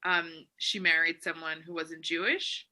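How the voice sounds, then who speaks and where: A woman co-hosting a podcast, chatting casually and telling animated stories with loud acted quotes. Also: low-pitched, measured pace. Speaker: podcast co-host. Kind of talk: casual chat.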